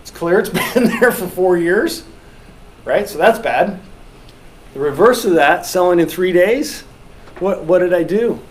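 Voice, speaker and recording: A real estate instructor with a high voice teaches a class and takes audience questions, joking and animated as he acts out quoted lines. He speaks unhurriedly, and the recording is rough.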